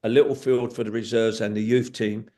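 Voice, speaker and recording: A man's voice: fairly low pitch, flat delivery, a little fast, dark tone. An older man, a retired footballer telling rambling stories and acting out the old dialogue. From England. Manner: rambling, acts out quoted dialogue, chuckles. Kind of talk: storytelling anecdotes.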